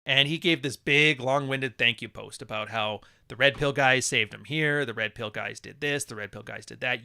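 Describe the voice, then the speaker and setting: A man's voice: medium pitch, moderate pace, creaky, few pauses, sharp tone, clean tone, dry recording, studio quality. A man hosting a live podcast, reading chat messages and talking in a blunt, profane, wisecracking way. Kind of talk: casual livestream monologue.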